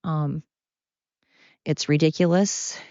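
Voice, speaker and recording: A woman's voice: sits low, steady tone, takes it slowly, warm tone, dry recording. Blunt, profane woman ranting on a podcast. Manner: blunt and profane, heated, repeating points. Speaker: podcast host. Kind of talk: casual opinion rant, solo podcast. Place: outdoors, walking around. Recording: dull, lo-fi, dry sound.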